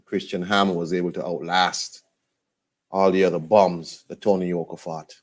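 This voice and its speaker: A man's voice: low voice, flat delivery, normal speed. A man talking casually in a rambling, laid-back way with many fillers and restarts. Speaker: boxing vlogger. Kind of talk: casual monologue.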